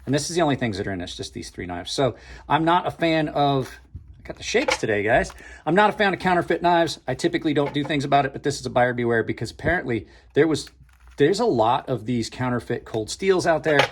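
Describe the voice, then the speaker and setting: A man's voice: mid-range voice, expressive, fast, background noise. A man hosting a casual knife unboxing vlog, talking to his viewers as he opens packages, thinking aloud and trailing off mid-sentence, with dry sarcastic asides. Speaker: knife reviewer and channel host.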